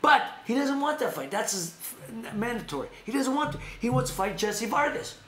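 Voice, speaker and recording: A man's voice: very high voice, sing-song, moderate pace, crowd noise. An American man hosting a casual boxing news chat, rambling along, repeating names and restarting his phrases. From United States. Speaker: host. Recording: echoey room with faint ambient noise.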